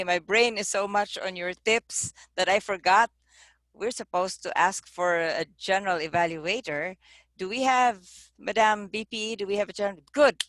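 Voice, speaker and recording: A woman's voice: fairly low pitch, fairly bright tone, no echo. A woman chairing an online speaking-club meeting, chatty and effusive in her thanks.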